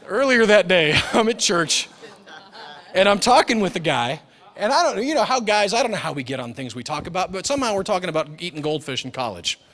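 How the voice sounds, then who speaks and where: A man's voice: high-pitched, lively intonation, brisk, fairly bright tone. A man in his forties preaching a sermon as pastor, telling stories with humor and acting out the voices in them. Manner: storytelling with humor, acts out quoted voices. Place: church sanctuary. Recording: long reverb of a large church hall.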